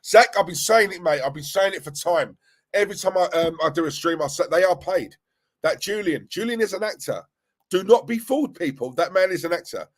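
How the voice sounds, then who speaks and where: Animated man ranting on a live stream. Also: fairly quick. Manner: animated, rambling, restarts and laughs, pitch jumping when worked up. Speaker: fan channel live-stream host. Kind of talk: casual live-stream chat reading viewer comments.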